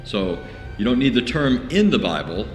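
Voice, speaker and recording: A man calmly explaining an answer in a dry, matter-of-fact way. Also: medium pitch, normal speed, echoey room, big-room sound, faint music behind. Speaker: apologist answering a question.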